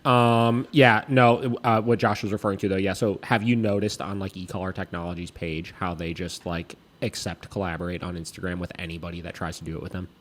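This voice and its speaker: A man's voice: deep voice, a little fast, few pauses. A man hosting a dog training podcast, casual chat full of swearing and laughter. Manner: animated, profane, laughs often.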